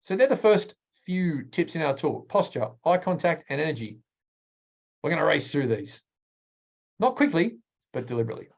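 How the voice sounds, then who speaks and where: A man, a speaking coach presenting a workshop in an energetic, emphatic way with deliberate pauses. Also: vocal fry, muffled recording. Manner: energetic, emphatic, varies pitch widely.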